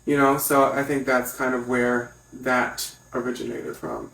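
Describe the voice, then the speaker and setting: A young man from Connecticut, a makeup artist telling his story as a guest in a casual interview, animated and quick to act out other people's voices. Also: gravelly. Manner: animated storyteller, acts out high voices when quoting others. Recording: echoey room, mic at a distance.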